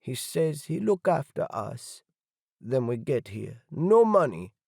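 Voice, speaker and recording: Male narrator voicing indebted woman laborer, heavy accent, broken English, pitched high, dry audiobook read. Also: sing-song, slow pace, vocal fry, darkish tone, slightly rough, dry recording, heavily acted. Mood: pleading, indignant. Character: desperate woman factory worker, indebted.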